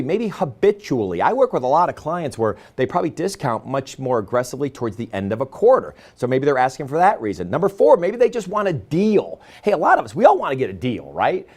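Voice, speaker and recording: A man talking to camera as a sales trainer, telling stories and acting out quoted lines in casual speech. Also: mid-range voice. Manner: fast, animated storytelling with quoted dialogue.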